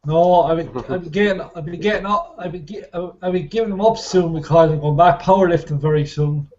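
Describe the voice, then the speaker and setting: Man with a high voice, halting and stammery in casual chat; lo-fi, muffled sound. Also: a little mellow. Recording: dull lo-fi audio with faint noise.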